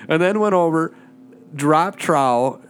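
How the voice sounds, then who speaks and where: Male co-host, a touch high-pitched, dry and matter-of-fact, teases his friends. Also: lively intonation, measured pace, clean tone. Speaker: podcast co-host. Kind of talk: casual chat among friends.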